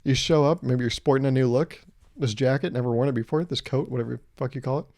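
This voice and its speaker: Mellow-voiced man ranting on a podcast. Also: mid-range voice, quick pace, dry recording, studio quality. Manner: profane, exasperated ranting with lively swings. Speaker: podcast host. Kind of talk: casual comedic solo rant.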